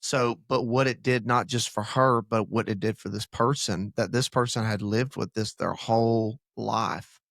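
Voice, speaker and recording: A man's voice: lowish voice, fairly even intonation, a little slow, vocal fry, a bit bright, dry recording, studio quality. A man, a pastor, telling a story in casual conversation on a church podcast. He talks earnestly, restarts his sentences and drifts from the story into preaching.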